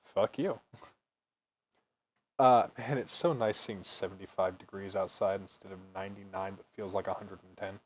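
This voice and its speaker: A man's voice: sits low, fairly even intonation, a little fast, hardly any pauses. A man in his early twenties, host of a casual podcast, telling rambling stories, swearing freely and laughing often. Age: early 20s. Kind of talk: casual storytelling chat.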